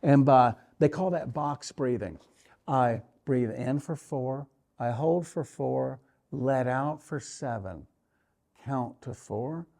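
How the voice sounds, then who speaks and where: A man's voice: mid-range voice, slow pace, creaky. Man coaching archery through a story. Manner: animated storytelling, acts out his inner voice. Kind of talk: tournament story and coaching talk.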